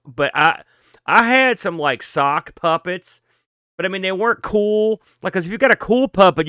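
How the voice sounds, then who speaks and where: Bright-voiced rambling podcast man. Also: on the high side, smooth, no echo, studio quality. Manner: rambling, jokey storyteller. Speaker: podcast co-host. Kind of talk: casual chat.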